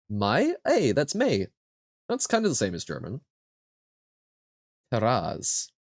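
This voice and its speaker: A young man streaming a vocabulary quiz, slowly sounding out foreign words, guessing aloud and laughing at himself. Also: medium pitch, huge pitch swings, creaky, no room sound. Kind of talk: casual live-stream chat while playing a vocabulary quiz.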